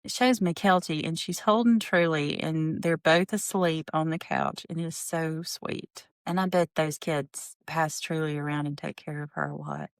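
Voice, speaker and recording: A woman's voice: low-pitched, fairly even intonation, normal speed, few pauses, no room sound, clean studio sound. A woman, recapping a reality show on her podcast in a blunt, indignant way. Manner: blunt and indignant, openly judging. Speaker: podcast host. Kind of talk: casual reality-TV recap commentary.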